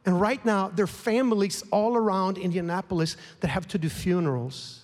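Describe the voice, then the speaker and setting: Male pastor preaching, emotional storyteller, higher-pitched, long hall reverb. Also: moderate pace. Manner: emotional, grows louder and more heated, whispers at times. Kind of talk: sermon storytelling.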